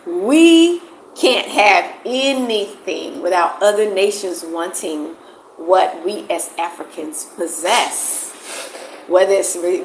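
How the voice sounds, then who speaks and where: A woman's voice: mid-range voice, roomy sound, a little hiss or hum, rough recording. A woman from the United States chatting casually on a livestream, emphatic and repeating phrases for stress, answering viewers. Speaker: vlogger answering live chat.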